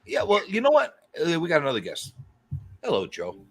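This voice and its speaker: A husky, high-voiced man hosts a livestream in full rant mode. He swears freely, stumbles over restarts and swings his pitch up and down as he hammers his point home. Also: huge pitch swings, brisk. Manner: profane, fired-up, repeats himself as he rants. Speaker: livestream host.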